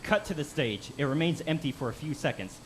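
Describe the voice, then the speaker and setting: A man's voice: on the high side, animated, fairly quick. A man reading a script aloud live as a channel host, in dry narration broken by wry asides. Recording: noisy home recording.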